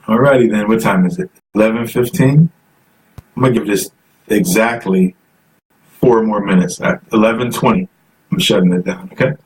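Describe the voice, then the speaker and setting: A man hosting a live call-in stream, chatty and coaxing viewers to phone in while reading comments aloud. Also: mid-range voice. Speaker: host. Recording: distant mic, faint noise.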